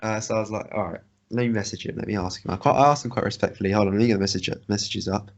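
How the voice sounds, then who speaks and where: A man's voice: on the low side, fairly even intonation, racing. Young man ranting casually, lo-fi sound. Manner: rambling, swears, retells an annoyed story. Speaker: podcast co-host. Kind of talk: casual chat. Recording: dull lo-fi sound.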